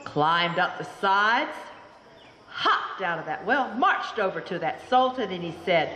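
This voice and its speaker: A woman storyteller telling a folk tale live, animated and theatrical, inviting the audience to join in. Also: mid-range voice, unhurried, highs cut off. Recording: roomy hall with long echo, faint room noise.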